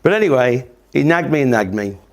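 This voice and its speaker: This is a man from England, somewhere in his fifties, spinning loose, joke-filled yarns for a crowd with plenty of profanity. He speaks at a medium pitch, expressively and a little quickly, keeping it casual.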